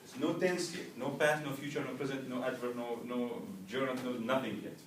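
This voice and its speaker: A man's voice: medium pitch, steady tone, a little fast, a little hiss or hum. Man teaching a class from afar. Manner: checks with "right?" and "understood?", has students repeat. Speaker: language teacher. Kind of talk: classroom lecture with drills. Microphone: far camera. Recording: roomy, distant classroom recording.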